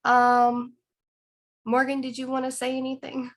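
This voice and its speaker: A woman's voice: sits high, completely flat delivery, a little slow. Earnest motivational woman speaker. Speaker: guest speaker on a team call. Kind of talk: motivational talk.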